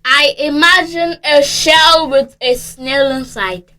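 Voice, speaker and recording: A woman with a Sierra Leonean accent modelling student answers in a radio reading lesson, slowly repeating words back. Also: sits high, sharp tone. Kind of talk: scripted classroom responses.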